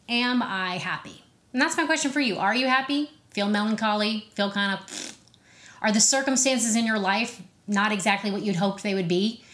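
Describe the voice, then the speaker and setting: A chatty, upbeat woman in her thirties talks straight to camera as a motivational host. She speaks at an ordinary middle pitch and slips in playful acted-out inner voices. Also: fairly bright tone. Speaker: host of a self-help video series. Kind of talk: casual motivational talk to camera.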